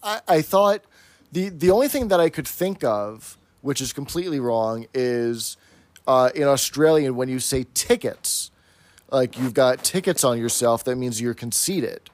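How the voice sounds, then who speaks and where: A man's voice: mid-range voice, animated, unhurried, no room sound. A man co-hosting a podcast, casually recapping a sitcom episode scene by scene. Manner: recapping, plot by plot. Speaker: podcast co-host.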